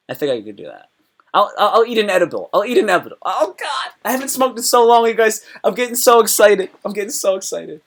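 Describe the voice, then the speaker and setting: A young man hosting a casual live stream, rambling and excitable as he answers chat questions, swearing often. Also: fairly high pitch.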